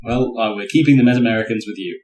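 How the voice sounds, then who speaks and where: A man's voice: mid-range voice, quick pace, a little mellow. A man running a tabletop game as game master, laid-back and self-mocking. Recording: roomy echo.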